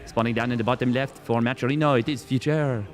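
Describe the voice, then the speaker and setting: A young man co-commentating a live esports match, restarting his sentences often and shouting when the action peaks. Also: mid-range voice, fast talker, faint music behind. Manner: lively, stammering restarts, big excited shouts. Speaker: esports co-caster.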